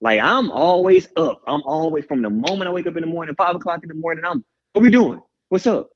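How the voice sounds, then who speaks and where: Guy in his 30s, animated, pitch jumping around, kinda muffled radio sound. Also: fast, vocal fry, a little hiss or hum. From Houston, Texas. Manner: animated, rambling, hype-man energy. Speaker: guest musician. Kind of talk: candid interview talk. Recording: slightly dull lo-fi radio audio.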